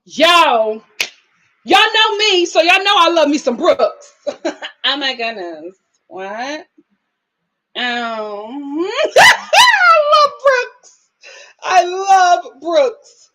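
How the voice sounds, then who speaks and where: A woman's voice: high-pitched, expressive, slow, long pauses, bright, forceful tone. A woman hosting a casual live-stream review of a reality show, chatting with viewers and sometimes singing her greetings, on a muffled livestream recording.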